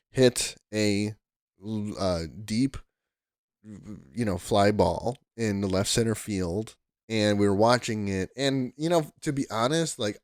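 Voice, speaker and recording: Low, gravelly young man rambling excitedly. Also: no echo, studio quality. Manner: rambling, excitable, heavy use of "like" and restarts. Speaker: vlogger. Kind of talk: casual storytelling to camera.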